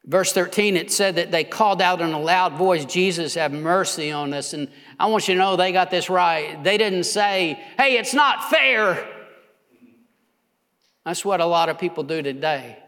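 A man preaching as a pastor, building to impassioned near shouts and then dropping low and quiet. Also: moderate pace, in a large hall. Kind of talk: sermon.

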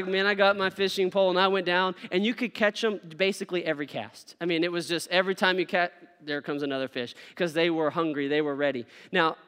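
A man in his thirties giving an energetic, playful sermon as a youth pastor, laughing often and acting out little dialogues. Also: a little high, smooth. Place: church sanctuary. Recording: long hall reverb.

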